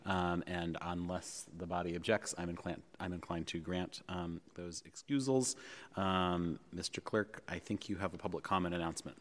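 A man chairing a public board meeting in a city hall chamber, measured and pausing often with ums and uhs. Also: deep voice, fairly even intonation. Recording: long reverb of a large chamber.

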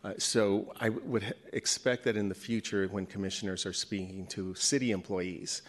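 Guy with a really low voice at a podium in a city meeting, earnest and measured, making a formal complaint. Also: fairly even intonation. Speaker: executive director of an employee association, public commenter.

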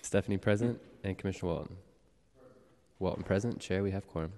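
A man serving as board clerk, calling the roll and reading announcements in a formal, measured way in a city hall chamber. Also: low-pitched, mellow. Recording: echoey chamber with long reverb.

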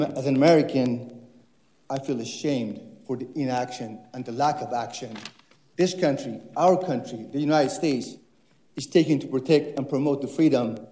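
A man's voice: medium pitch, warm tone, reverberant. An Iranian-born man giving an impassioned, pleading public comment at a city council meeting. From Iran.

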